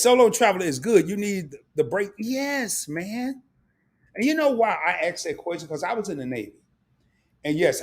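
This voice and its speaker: A middle-aged man runs a casual live stream, chatting animatedly with his viewers, laughing often and repeating words. His voice sits a little high and has a gravelly edge.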